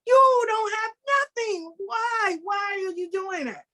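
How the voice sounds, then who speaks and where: Podcast guest: a woman with a high-pitched voice, blunt and lively, acting out the people in her stories. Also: slow pace. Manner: blunt, animated storyteller acting out quoted people. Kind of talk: casual podcast chat.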